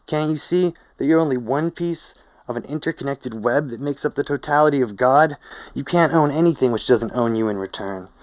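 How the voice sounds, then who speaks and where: A man voicing a wild young man who shouts preachy rants at passersby. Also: mid-range voice, fairly quick, voice pushed up, lightly acted. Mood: ranting.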